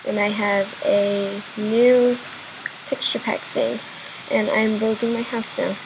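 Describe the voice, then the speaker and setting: Her voice is medium-pitched, level in tone, and slow. This young gamer mutters and jokes to herself in casual, rambling let's-play commentary, captured in a home recording with clear background noise.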